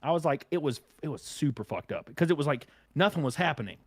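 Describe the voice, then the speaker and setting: A man's voice: on the high side, fast talker, slightly rough, no room sound. A young man co-hosting a comedy podcast, telling crude rambling stories in casual chat. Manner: crude, rambling storytelling with lively swings. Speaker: podcast co-host.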